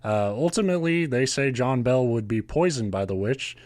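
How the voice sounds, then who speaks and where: A man's voice: mid-range voice, animated, moderate pace, darkish tone, dry recording. A man hosting a podcast, retelling a ghost legend in casual chat with a sarcastic, profane manner and frequent laughs. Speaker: podcast host.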